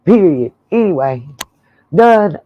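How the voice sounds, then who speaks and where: A woman's voice: fairly low pitch, sing-song, takes it slowly. A woman hosting her own channel, ranting bluntly and with profanity in an irritated, fed-up way during a livestream commentary. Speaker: channel host. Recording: dull lo-fi dry sound.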